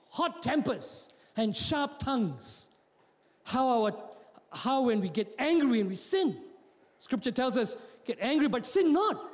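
A man preaching a sermon in a church, joking with the congregation and often repeating his words. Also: extremely high pitch. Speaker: pastor. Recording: long hall reverb.

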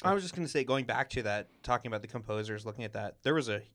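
A man's voice: mid-range voice, animated, rapid-fire, fairly bright tone. A man co-hosting a podcast, chatting casually about musicals in a wry, rambling way full of asides. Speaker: podcast co-host.

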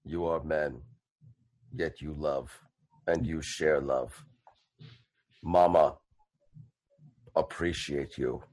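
A man voicing a huge, simple-minded male brute who speaks in broken grammar, slow and menacing. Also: very deep voice, fairly even intonation, a little mellow, pitched below the performer's own voice, full character voice. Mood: tender.

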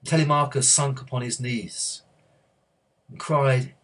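A man preaching, telling a story with many halting restarts and growing hushed and earnest. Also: mid-range voice, animated, slightly rough. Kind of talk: sermon storytelling.

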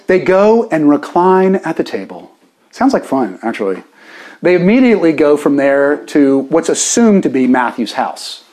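A man in his forties preaching a conversational sermon as pastor, chatty and animated, with self-deprecating asides. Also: fairly high pitch.

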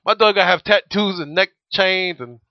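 A man's voice: high-pitched, normal speed, no echo. A man in his thirties co-hosting a podcast, telling stories in a profane, joking way. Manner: profane, joking, animated storytelling. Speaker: podcast co-host. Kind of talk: casual chat. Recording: muffled lo-fi audio.

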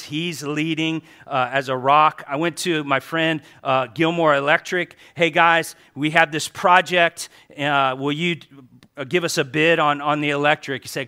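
A middle-aged man preaching to his church, a pastor telling stories in an animated way and quoting people in his own voice. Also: on the high side. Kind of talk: sermon.

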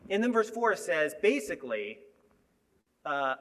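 A high-voiced man delivers a sermon with a lively, swooping pitch. He moves from emphatic bursts to hushed, low asides as he talks to the congregation. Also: a little slow. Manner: animated, shifting between emphatic and hushed. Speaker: preacher.

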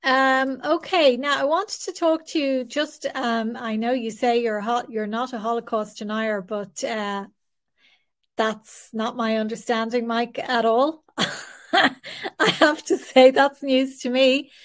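A woman's voice: a little high, fairly even intonation, a little slow. A woman hosting an interview, talking casually with many fillers. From Ireland. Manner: hesitant, fills with um and you know. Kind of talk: conversational interview.

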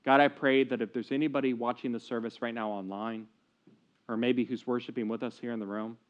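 A man's voice: medium pitch, steady tone, brisk. A man preaching a sermon at a church service, telling a story earnestly, in a dull lo-fi recording. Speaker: pastor. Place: church service, streamed online.

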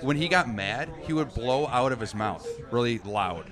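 A man chiming in with blunt, profane quips on a comedy panel. His voice sits at a medium male pitch. He talks in easy, casual chat. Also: expressive, a crowd in the background. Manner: blunt, profane, quick reactions.

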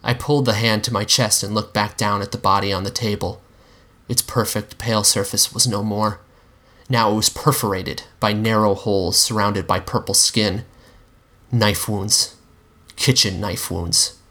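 Male reader, low and bright, measured dramatic storytelling. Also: fairly even intonation. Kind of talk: dramatic first-person story reading.

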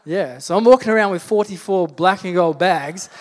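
High-voiced Australian pastor. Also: male voice, moderate pace, a little hiss or hum. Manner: casual storytelling with humour and asides to the congregation. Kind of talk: sermon.

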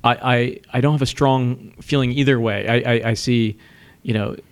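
A man co-hosting a casual chat, talking haltingly, repeating words and laughing easily. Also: medium pitch, fairly even intonation. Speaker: podcast co-host.

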